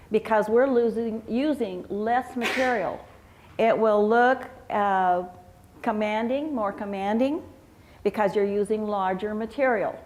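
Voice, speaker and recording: A woman teaching flower arrangement at a live seminar, explaining slowly with fillers and restarts. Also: mid-range voice, darkish tone. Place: convention hotel meeting room.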